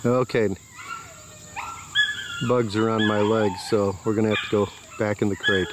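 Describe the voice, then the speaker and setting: A man's voice: on the low side, steady tone, unhurried. A man who breeds dogs narrates casually while filming outdoors with a handheld camera, proudly commenting on the animals. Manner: proud, fond commentary on the puppies. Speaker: dog breeder. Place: outdoors in a yard by a quail coop. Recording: outdoor noise with crickets and insects.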